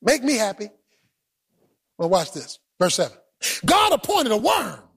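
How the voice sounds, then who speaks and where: A man preaching an animated, colloquial sermon who acts out the scripture and often breaks into shouts. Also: high-pitched, unhurried, creaky, husky.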